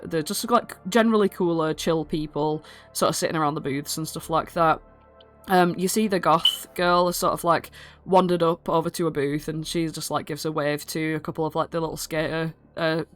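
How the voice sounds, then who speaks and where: Rambling woman game master. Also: low-pitched. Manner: rambling, full of fillers, animated. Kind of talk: narrating a tabletop game.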